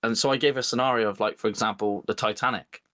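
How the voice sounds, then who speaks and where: A man's voice: medium pitch, fast talker, dry recording. Chatty man telling a story. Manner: animated storytelling, acts out both sides of an argument. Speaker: podcast co-host. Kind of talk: casual chat.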